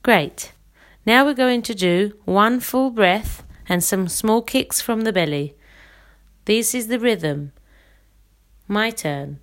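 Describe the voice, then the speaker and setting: A woman singing teacher leading a guided breathing exercise, giving calm step-by-step instructions and demonstrating each sound. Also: mid-range voice, slow.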